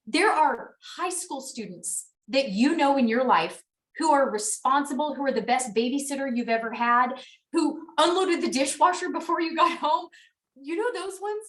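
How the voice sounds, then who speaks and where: A slightly high, a-bit-bright voice belongs to a woman in her thirties leading a motivational sales call, talking frankly and chattily as she urges the team on. She sounds far off-mic, with lots of room echo.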